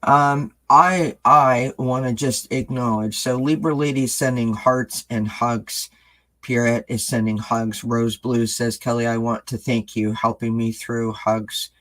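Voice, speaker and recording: A man hosting his tarot channel, talking casually and earnestly to viewers, halting with many ums and restarts. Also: mid-range voice, fairly even intonation, low-quality recording. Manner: earnest and gentle. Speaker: tarot reader and channel host.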